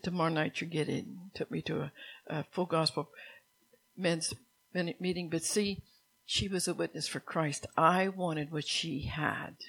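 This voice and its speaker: A preacher delivers a sermon to a gathered congregation in an earnest, exhorting tone. The voice sits at a middle pitch. Phrases restart and repeat as the thought builds. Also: low-quality recording. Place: room with a live congregation.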